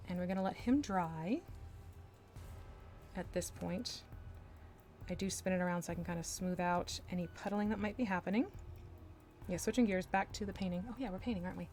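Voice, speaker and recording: A woman's voice: on the low side, a little fast, pauses often, a little mellow, a little hiss or hum. A woman chatting casually on a live stream as she paints miniatures, laughing often and playing with voices.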